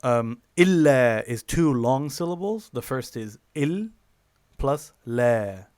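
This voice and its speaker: A man gives a recorded lesson in a mid-range voice, heard close and dry with no room echo. He explains step by step, filling pauses and correcting himself. He draws out each example word slowly. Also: mid-range voice, animated, darkish tone. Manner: explains step by step with many fillers and self-corrections; slows down to drawn-out example words. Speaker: teacher. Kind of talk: recorded online lecture.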